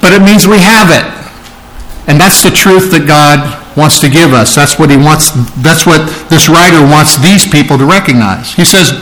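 A man's voice: on the high side, moderate pace, fairly bright tone, slight background noise, poor audio. A man preaching an expository sermon, explaining scripture word by word, with frequent restarts and rising emphasis on key phrases. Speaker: pastor.

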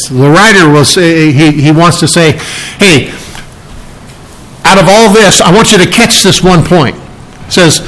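Casting note: man, fairly high voice, preacher teaching scripture, chatty with sudden excited outbursts. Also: normal speed, low-quality recording. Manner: conversational Bible teaching with bursts of excitement. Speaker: pastor. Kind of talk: sermon.

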